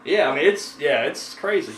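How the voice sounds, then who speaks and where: A man hosts a horror movie review show, rambling casually with plenty of fillers and profanity. His voice sits fairly high. He is caught at a distance in an echoey room under faint noise. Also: animated, moderate pace, a bit bright. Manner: rambling, swears freely, frequent fillers. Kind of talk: casual chat.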